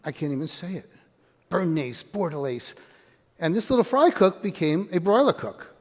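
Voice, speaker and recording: At a moderate pace, an older motivational speaker with a fairly high voice energetically quizzes and calls out to his audience, encouraging them to join in. The sound carries a long hall reverb, as if he is in a big room.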